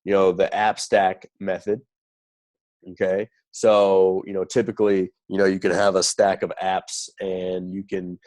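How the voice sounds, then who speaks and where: A man's voice: sits low, little pitch movement, measured pace, darkish tone. Man coaching, tagging lines with "okay?". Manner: checks in constantly with "okay?" and "right?"; repeats phrases for emphasis. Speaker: sales recruiting trainer. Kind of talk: recorded training lesson.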